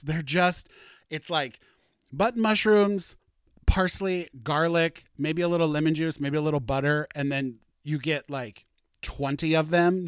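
A man hosting a solo podcast, chatty and campy, with animated asides and gushing. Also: a little high, smooth, no room sound, studio quality. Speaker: podcast host.

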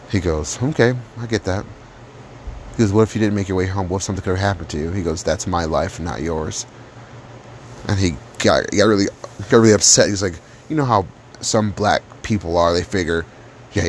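A man's voice: deep voice, a little hiss or hum. A man telling a personal story about his past in a casual, blunt and profane way.

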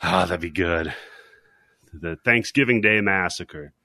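A man's voice: deep voice, a little slow, sharp tone, no room sound, studio quality. A man hosting a podcast, recapping a movie in a casual, rambling way with lots of laughter. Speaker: podcast host.

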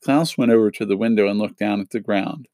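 A man reads a children's novel aloud in a steady, measured way. His voice sits fairly low, and the recording is close and dry with no room sound. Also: no room sound. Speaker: audiobook reader.

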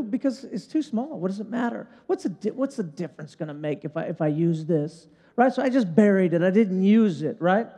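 An older man, a pastor, preaching a lively, conversational sermon and often checking in with "right?". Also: sits high, big-room sound.

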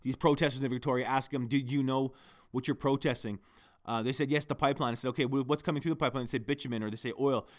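A Canadian podcast host rants heatedly on his solo show, swearing constantly into the microphone. His mid-range voice is steady in tone and fast.

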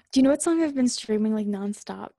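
Young woman podcast co-host, casual chat, slightly high voice, dry close sound, self-deprecating. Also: animated, brisk, dark tone, dry recording. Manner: chatty, self-deprecating, giggly. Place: home room, fan running.

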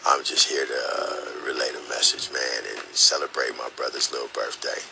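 Very deep-voiced man, emotional podcast host. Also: steady tone, creaky, pushed and bright, slight background noise, low-quality recording. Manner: halting, repeats words, says "man" often. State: emotional, holding back tears. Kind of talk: emotional spoken dedication.

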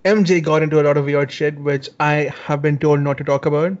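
A man with a fairly high voice riffs on a comedy podcast in an easygoing, playful way. The audio is a little dull and lo-fi. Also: level tone, brisk. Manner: laid-back, laughing, playful. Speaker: podcast co-host. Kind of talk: casual comedic chat.

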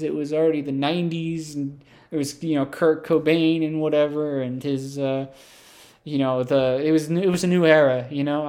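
Rambling man spinning an absurd tale. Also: on the high side. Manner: rambling, absurd, deadpan, full of fillers and asides. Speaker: comedic storyteller. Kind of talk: improvised comic monologue.

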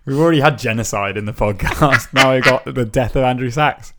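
A woman's voice: a bass voice, a little fast, heavy background noise. A young woman co-hosting a casual podcast, reacting with gasps and exclamations and cracking jokes. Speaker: podcast co-host.

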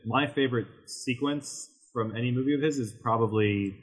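Husky-voiced man, hesitant podcast talk. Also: medium pitch. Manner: hesitant, halting. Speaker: podcast co-host. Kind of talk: casual podcast discussion.

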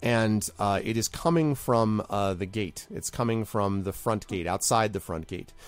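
A man narrating as game master in a tabletop game, relaxed and full of fillers. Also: fairly low pitch, a little slow, smooth, dry recording.

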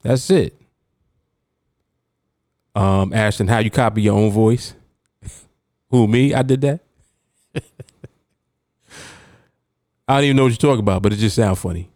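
A man's voice: fairly low pitch, unhurried, long pauses, darkish tone, no echo, clean studio sound. A man hosting a podcast as a trading coach, talking casually and emphatically, reading out chat comments and laughing often.

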